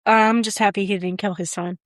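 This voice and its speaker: A woman's voice: medium pitch, steady tone, a little fast, dry recording, studio quality. Chatty woman co-hosting a podcast. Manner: chatty, interjecting corrections. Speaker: podcast co-host. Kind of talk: casual film recap chat.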